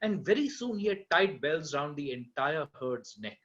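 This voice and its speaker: A male storyteller tells a folk tale aloud and makes playful asides to his listeners. His voice is high and swings widely in pitch. The recording sounds dull and lo-fi. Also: very animated, normal speed, fairly bright tone.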